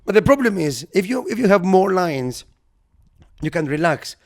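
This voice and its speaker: A young man holds the floor on a casual podcast, a touch high in pitch. He tells his story with gusto, acting out each quoted voice and dropping the odd swear word. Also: moderate pace. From Europe. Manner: animated storyteller who acts out quotes, swears. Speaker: podcast co-host. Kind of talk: casual chat, anecdote.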